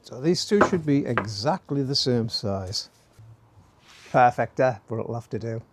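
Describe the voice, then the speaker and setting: A man's voice: medium pitch, lively intonation, measured pace, slight background noise. Chatty middle-aged DIY man. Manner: chatty, jokey, fond of tag questions like "eh?" and "don't you?". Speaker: DIY channel host. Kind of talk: casual DIY how-to narration. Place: outdoor garden workspace, light rain.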